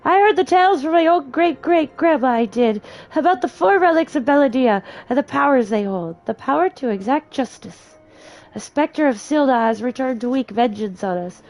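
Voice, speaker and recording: A woman voicing a grieving, hysterical old woman as she reads game dialogue aloud, with shrill, wailing, cackling speech. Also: lively intonation, moderate pace, a little mellow.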